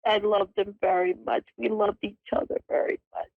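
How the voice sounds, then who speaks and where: A grieving woman calling in, speaking softly and tearfully about a hard day. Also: mid-range voice, little pitch movement, normal speed, gravelly, husky, no room sound. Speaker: caller. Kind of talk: emotional phone-in call. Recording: dull lo-fi call audio.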